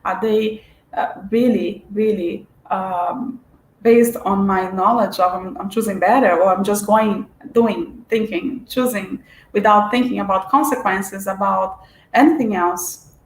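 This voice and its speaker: A woman's voice: mid-range voice, unhurried, a little hiss or hum. A woman giving a spiritual lecture in an earnest, searching way, with frequent restarts and fillers. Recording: echoey room.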